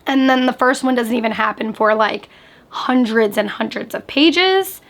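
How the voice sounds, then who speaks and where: A woman book vlogger in casual reaction chat, animated and chatty, sprinkling "like" through her talk. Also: on the high side, moderate pace. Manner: chatty, animated, frequent "like" fillers.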